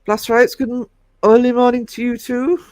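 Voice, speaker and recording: A man's voice: very high-pitched, level tone, moderate pace, darkish tone, no echo. A man hosting a casual livestream, rambling and greeting viewers by name as he chats. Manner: rambling, chatty, self-interrupting. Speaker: livestream host.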